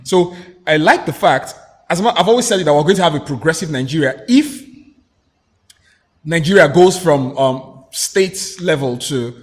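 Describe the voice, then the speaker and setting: A man giving his views as a guest on a political talk show, opinionated and halting, with frequent restarts. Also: fairly high pitch, lively intonation. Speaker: guest commentator.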